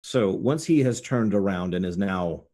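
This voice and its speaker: A man taking part as a player in a tabletop game, talking in an animated, joking way with frequent restarts. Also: sits low, moderate pace. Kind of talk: tabletop game play over voice chat.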